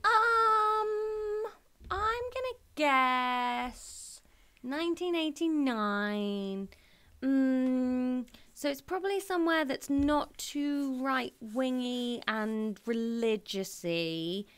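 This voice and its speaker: Bright, teasing woman podcast co-host. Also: sits high, expressive, drawn-out words. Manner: teasing, playful banter. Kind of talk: casual comedic chat.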